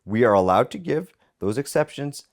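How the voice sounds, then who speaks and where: A man's voice: medium pitch, moderate pace. A man co-hosting a podcast, arguing heatedly about a court ruling and reading it aloud, swearing often. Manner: animated, swears a lot, insistent. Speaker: podcast co-host, lawyer.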